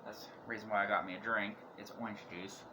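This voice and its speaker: A man casually reviewing movies for a vlog, talking in a rambling way that keeps restarting sentences, his voice going hoarse. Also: on the low side, flat delivery, fast talker, noisy background. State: losing his voice.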